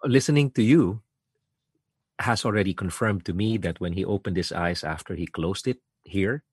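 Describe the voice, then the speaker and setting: A middle-aged man, a podcast guest talking in a soft, halting, reflective way. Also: sits low, breathy edge, no room sound. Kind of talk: casual heartfelt conversation.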